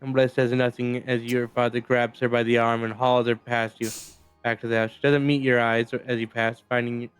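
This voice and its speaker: A man reading a game's story narration aloud in a steady, even storyteller's way. His voice is smooth and clear, recorded close and dry. Faint music plays behind him. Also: medium pitch, normal speed, no echo. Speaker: streamer reading a story game.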